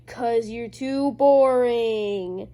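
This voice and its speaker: Lady doing a blunt shouty comic hero guy, slow and kinda mellow. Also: a little high. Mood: bossy. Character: loud buff cartoon male hero, bossy.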